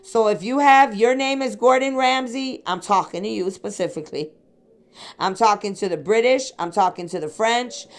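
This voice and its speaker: A woman from the Chicago area talks through a psychic reading in a loose, rambling way. Her voice sits at an ordinary middle pitch. She speaks straight to her listeners and checks in with them as she goes. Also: normal speed. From Chicago area, USA. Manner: rambling, addresses listeners directly with "okay?" and "sweetheart". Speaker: psychic reader. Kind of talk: casual spiritual reading monologue.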